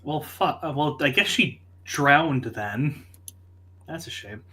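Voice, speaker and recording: A man's voice: on the high side, lively intonation, slow, bright, forceful tone. A man playing a tabletop game in casual chat, blunt and dry, swearing casually. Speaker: player.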